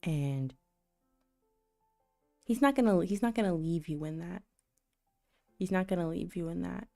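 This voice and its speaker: Low, mellow-voiced woman chatting casually. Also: unhurried, gravelly, faint music behind. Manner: rambling and conversational, full of "you know" and "like"; laughs at her own stories. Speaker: channel host. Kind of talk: casual faith reflection on a livestream.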